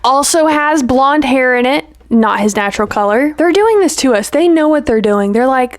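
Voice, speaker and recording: A young woman talks straight to camera in a loose, chatty vlog, gushing and playful with a steady stream of "like" and "you know". Her voice sits a little high, and the recording is close and dry, with no room sound. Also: moderate pace, no echo. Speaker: vlogger. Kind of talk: casual chat to camera.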